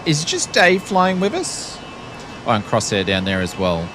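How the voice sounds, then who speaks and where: A man's voice: medium pitch, wildly swooping pitch, measured pace, noisy background. An Australian man streaming a flight sim, chatting casually with jokey, rambling, self-deprecating asides. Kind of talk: casual live-stream chat.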